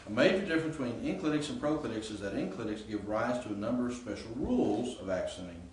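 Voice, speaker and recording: A man's voice: medium pitch, lively intonation, fast talker, a little hiss or hum. A man teaching a Greek grammar class, explaining rules and asking his students questions, with frequent fillers. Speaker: Greek instructor. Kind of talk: classroom lecture. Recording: echoey classroom, distant mic.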